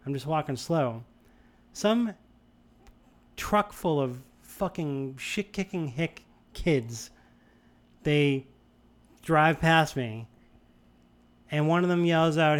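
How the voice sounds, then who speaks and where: A smooth, clear-toned young man from the Boston area tells a long anecdote in casual conversation. His voice sits a little high for a man. He rambles, circles back and restarts his sentences as he goes. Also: slow, long pauses. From Boston area, USA. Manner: rambling, animated storytelling with many restarts. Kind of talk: casual chat.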